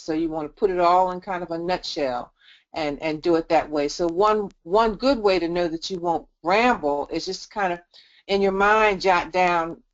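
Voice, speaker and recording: A woman's voice: on the low side, muffled recording. A woman professor giving practical, coaching advice to student teachers in an online meeting. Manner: practical, coaching, gently teasing. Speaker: education professor.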